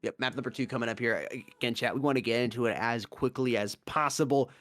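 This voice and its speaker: A man co-casting a mobile esports tournament, breaking down strategy in an animated, analytical way. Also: medium pitch, quick pace, no echo, soft background music. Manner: animated, analytical, stresses key words. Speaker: esports co-caster.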